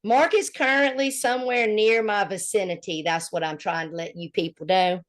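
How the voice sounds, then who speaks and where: A woman from Alabama with a Southern accent, co-hosting a casual gossip chat and telling stories in a mocking, animated way. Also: medium pitch, moderate pace. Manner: animated, mocking storytelling with laughter. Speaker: co-host.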